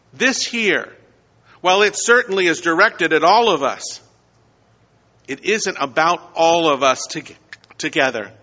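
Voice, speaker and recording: A man preaching a sermon with a bright, forceful voice that sits a little high. He speaks in measured phrases and leans hard on key words. The sound is slightly dull and carries a long church echo. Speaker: pastor. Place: church sanctuary.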